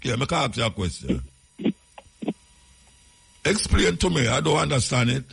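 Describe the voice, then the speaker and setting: Gravelly Jamaican man, raspy. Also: mid-range voice, very animated, moderate pace, a bit bright. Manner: chatty, laughing asides, patois phrasing. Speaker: radio talk show host. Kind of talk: casual radio chat.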